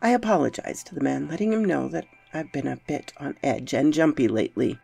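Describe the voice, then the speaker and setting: A woman's voice: sits low, brisk, creaky, mellow, breathy edge, soft background music. A woman narrating a horror story in a dramatic, brooding first-person style.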